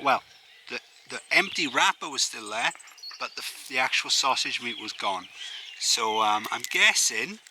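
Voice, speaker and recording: A man from the United Kingdom with a medium-pitched voice vlogs casually to camera at an outdoor campsite, chatting and rambling with plenty of fillers. The background is noisy.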